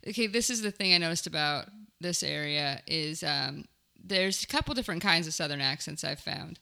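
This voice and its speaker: A woman's voice: low-pitched, lively intonation, normal speed, vocal fry, sharp tone. A young woman, a touring comedian, chatting casually and rambling as a guest, laughing often. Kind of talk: casual chat.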